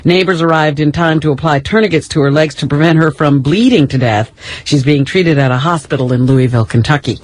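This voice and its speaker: A woman's voice: low voice, a little fast, dry recording. Female radio co-host reading news.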